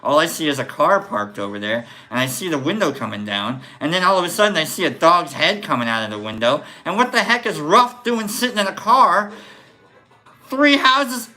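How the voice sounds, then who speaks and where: A man's voice: a little high, fairly quick, hardly any pauses. A man hosting a casual podcast, telling a story with energy and acting out the voices of the people in it. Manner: animated, acts out quoted voices. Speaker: podcast host.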